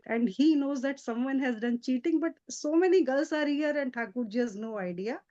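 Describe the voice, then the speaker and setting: A woman giving a devotional lecture, retelling a sacred story in an animated storytelling manner. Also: a little high, muffled recording. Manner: animated storytelling with frequent restarts. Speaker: spiritual lecturer.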